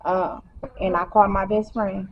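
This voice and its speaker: A woman's voice: mid-range voice, flat delivery, moderate pace, dull audio, a little hiss or hum. A young woman telling a personal story casually, in a slangy, repetitive way. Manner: conversational, repeats herself, slangy. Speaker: vlogger.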